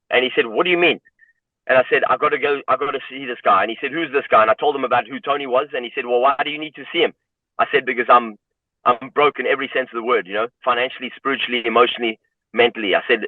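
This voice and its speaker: Guest: man from South Africa, reflective storyteller, mid pitch, dry tinny call audio. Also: fast talker, no room sound. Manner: reflective, repeats "you know" often. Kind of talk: personal story in interview. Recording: tinny phone-like line, dry.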